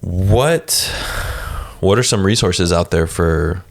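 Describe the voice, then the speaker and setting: Male podcast host, very deep voice, laid-back and jokey. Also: slow pace. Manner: relaxed, jokey, laughs easily. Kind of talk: casual conversational interview.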